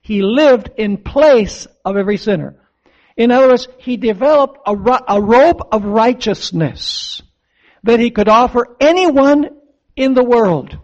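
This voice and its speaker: A man's voice: very high voice, measured pace, darkish tone, lo-fi sound. A man preaching a sermon as pastor, emphatic, asking the congregation questions and answering them himself.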